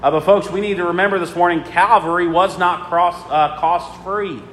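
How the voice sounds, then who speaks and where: A man's voice: high-pitched, fairly even intonation, normal speed, a bit bright, a little hiss or hum. A male pastor preaching a sermon with a repetitive, rhythmic cadence and frequent fillers. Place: church sanctuary. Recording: long reverb in a large hall.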